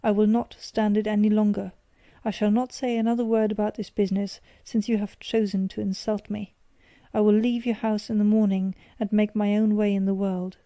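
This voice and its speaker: A woman's voice: medium pitch, little pitch movement, normal speed, dark tone, dry recording, lightly acted. Woman voicing a sullen, defiant young man. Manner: defiant, wounded retorts.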